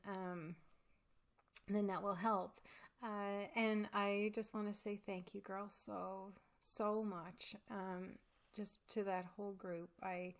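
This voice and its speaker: A woman hosting a crafting vlog in casual chat, talking in a heartfelt, halting way with many pauses and restarts. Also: mid-range voice, gravelly. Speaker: crafting channel host.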